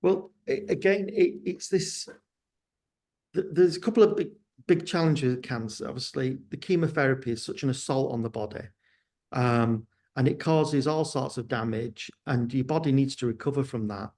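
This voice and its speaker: A man's voice: mid-range voice, moderate pace, darkish tone. A sounding man answering interview questions, hesitant and candid, often restarting his sentences. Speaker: guest, company founder.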